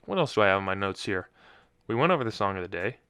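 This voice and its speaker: A young man with a fairly low voice hosts a casual solo podcast. He rambles, corrects himself and restarts his sentences, recorded close and dry with no room sound around him. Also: lively intonation, quick pace, bright, forceful tone, clean tone, dry recording. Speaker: podcast host.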